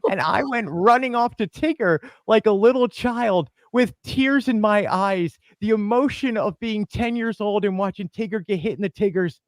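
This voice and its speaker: A man hosting a casual fan podcast, telling animated stories and acting out quoted lines with big swings of pitch. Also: normal speed, few pauses, dry recording. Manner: excitable, acts out quotes with big jumps in pitch. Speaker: podcast host. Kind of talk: animated storytelling chat.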